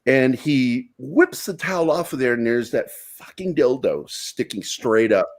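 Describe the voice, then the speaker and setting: A man spinning a crude story on a podcast, swearing freely and acting out every voice. His pitch sits in the middle but swings about widely as he gets into it. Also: a little slow. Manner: profane, animated storyteller. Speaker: podcast co-host. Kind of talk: casual storytelling chat.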